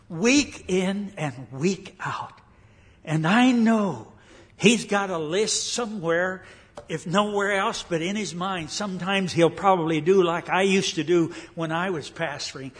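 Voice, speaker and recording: An older man giving a guest sermon, telling a story in a folksy way with frequent fillers and restarts, in a church sanctuary. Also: high-pitched. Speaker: guest preacher.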